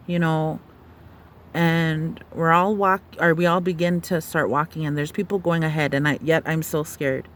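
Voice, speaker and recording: A woman retelling a dream in a halting, searching way, with many fillers and restarts. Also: low-pitched, steady tone. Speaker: storyteller. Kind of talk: personal testimony of a dream.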